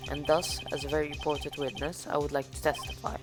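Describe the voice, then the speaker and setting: A haughty, menacing rich older man sneers down at everyone he speaks to, as a woman puts him on in a low register. Game music plays clearly behind him. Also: little pitch movement, fast, lightly acted. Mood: smug. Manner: haughty, condescending, threatening. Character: smug, menacing rich older male villain. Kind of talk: voicing a video game let's play.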